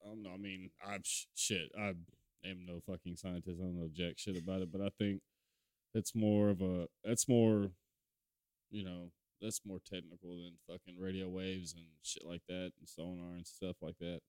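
A man's voice: sits low, level tone, normal speed, a little mellow, clean tone, no room sound. A young man as a podcast guest, blunt and rambling, swearing a lot in casual chat.

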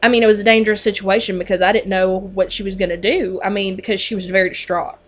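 A woman's voice: mid-range voice, steady tone, fast talker. A woman who works on a mental health unit tells a story in casual conversation, chatty and full of fillers.

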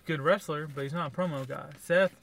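A man's voice: fairly high pitch, a little fast, gravelly, a bit bright, slight background noise. A man co-hosting a podcast, giving blunt, sarcastic opinions in casual review chat. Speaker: podcast co-host.

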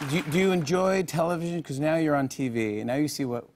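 A man's voice: a little high, lively intonation, quick pace, crowd noise, background noise. A man hosting a late-night talk show, chatting casually with a guest, laughing and restarting his sentences. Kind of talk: casual interview chat.

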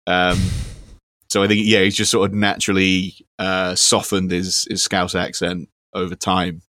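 Low-voiced man in rambling casual chat. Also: flat delivery, moderate pace, sharp tone, no room sound, clean studio sound. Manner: rambling, hesitant with many ums, reads facts aloud. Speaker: podcast co-host.

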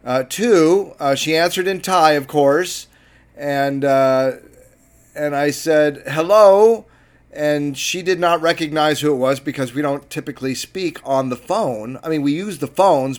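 A man hosting his own podcast, talking casually with wry, profane asides. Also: medium pitch. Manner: profane, wry and self-deprecating. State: sober. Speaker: podcast host and taxi driver. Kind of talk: casual monologue and recorded chat with a passenger.

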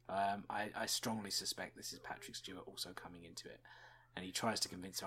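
In casual spoken commentary, a podcast host talks through a TV episode, peppering his musings with fillers and frequent chuckles. His low voice is pushed and bright, his intonation fairly even, and he speaks fairly quickly.

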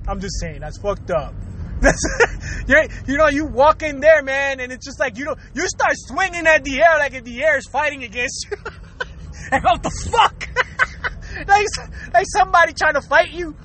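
A man with a very high, bright voice rants loosely through his own show. He swears freely, laughs between thoughts and stumbles over repeated words. The delivery is loose and chatty. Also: moderate pace, slight background noise. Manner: laughs often between lines, profane and rambling; repeats words and restarts while talking. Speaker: podcast host. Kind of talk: casual comedic rant.

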